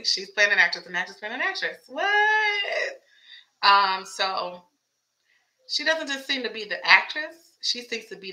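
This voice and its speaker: A woman's voice: mid-range voice, pushed and bright, low-quality recording. A woman chatting casually as a fan commentator, wondering aloud with lots of questions, her voice a bit strained. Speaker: show commentator.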